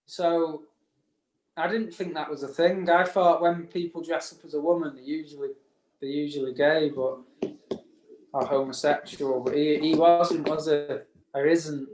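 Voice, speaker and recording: A man's voice: a little high, fairly even intonation, unhurried, darkish tone, slight background noise. A man co-hosting a casual podcast chat, rambling through stories with frequent laughs and restarts. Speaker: podcast co-host. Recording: echoey room.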